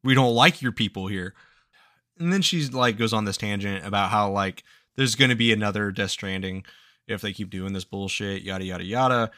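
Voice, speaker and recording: A man's voice: fairly low pitch, brisk, pushed and bright, smooth, no room sound, studio quality. A man on a podcast casually retelling a story, swearing often, laughing and slipping into quoted voices. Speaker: podcast host recapping a game.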